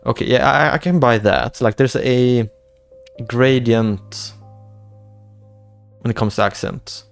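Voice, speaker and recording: A man's voice: mid-range voice, takes it slowly, creaky. A young man, hosting a casual livestream and reading chat aloud, rambling with repeated words and restarts. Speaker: livestream host. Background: faint background music.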